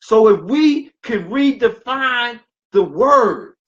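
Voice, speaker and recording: This is a man coaching on health and stress in a high voice with a slow, deliberate pace. He preaches in repeating phrases and bursts into loud emphasis. The recording sounds dull and lo-fi. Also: expressive. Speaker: wellness coach. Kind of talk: motivational health talk.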